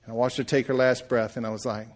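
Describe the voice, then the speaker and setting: A middle-aged man preaching a sermon, rising loud and then dropping to a hush. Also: mid-range voice, flat delivery, fast. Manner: preaching, swells loud then drops to hushed. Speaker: pastor.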